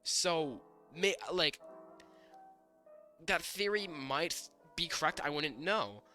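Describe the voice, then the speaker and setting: A young man from the northern United States talks through a casual podcast chat, circling back with restarts and fillers. His voice is very bright and sits fairly high. He sounds a little under the weather, and faint music plays behind him. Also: expressive, takes it slowly. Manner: rambling, lots of restarts and fillers. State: sick. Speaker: podcast co-host.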